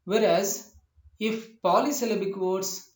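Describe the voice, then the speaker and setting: A man with a fairly high voice gives a lecture at a very slow, deliberate pace. He repeats each point with many "uh" pauses and keeps asking whether the listener understands. The room around him is echoey. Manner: slow, repetitive explanations with frequent "uh" and checking questions. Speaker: teacher. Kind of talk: classroom lecture.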